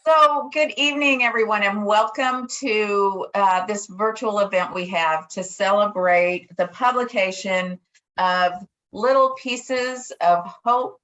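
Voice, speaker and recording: A woman hosting a virtual book event over a video call, speaking haltingly with many fillers. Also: medium pitch, fairly bright tone. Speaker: host. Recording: dull lo-fi video-call audio.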